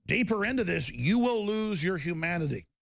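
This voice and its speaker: A middle-aged man hosting a talk show, delivering an impassioned ranting monologue that swings from loud outbursts to low, intense passages. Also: sing-song, moderate pace, gravelly, no echo.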